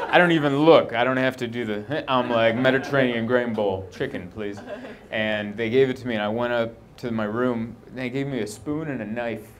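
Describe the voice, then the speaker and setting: A man's voice: medium pitch, normal speed, crowd noise. A male stand-up comedian telling a long self-deprecating story on stage, acting out his own thoughts. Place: comedy club stage before a live audience. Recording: live show with clear audience laughter.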